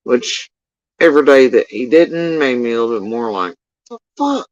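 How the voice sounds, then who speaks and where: A man telling a story in casual livestream talk, rambling and swearing, with sudden high bursts when he quotes people. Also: normal speed, no echo, dull audio. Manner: profane, rambling, animated when quoting others. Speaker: livestream talker.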